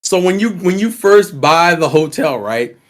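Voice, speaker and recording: A man with a somewhat high voice talks on a podcast in a loose, casual way. He swears often and walks through his explanations at length, like he is talking with friends. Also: expressive, a little slow. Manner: laid-back, profane, explains things at length. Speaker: podcast co-host. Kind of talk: casual group chat.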